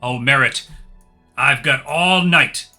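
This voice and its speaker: A man voicing a brash, pushy male lawyer who talks loudly and theatrically in a tabletop game. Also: mid-range voice, takes it slowly, soft background music, heavily acted. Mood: confident. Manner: loud, blustering, theatrical.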